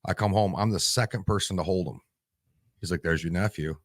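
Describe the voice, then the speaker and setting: In a laid-back interview, a Michigan man in his forties, a veteran, rambles through his stories bluntly and with plenty of profanity. He speaks fairly quickly in a low voice, captured in a dry, studio-quality recording.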